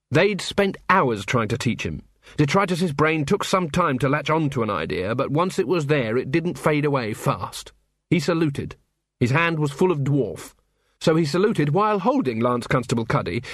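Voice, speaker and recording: A man's voice: a little high, no room sound, studio quality. A man narrating a fantasy audiobook and voicing many characters in turn. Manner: lively, voices many characters. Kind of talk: scripted narration with character voices.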